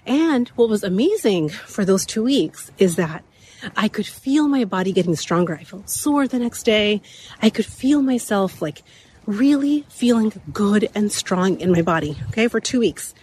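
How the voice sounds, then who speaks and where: A woman in her thirties hosting a motivational talk while walking uphill outdoors, a bit out of breath, her voice slightly raspy, repeating key points and laughing often. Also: mid-range voice, animated, measured pace, darkish tone, a little hiss or hum. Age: 30s. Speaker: podcast host.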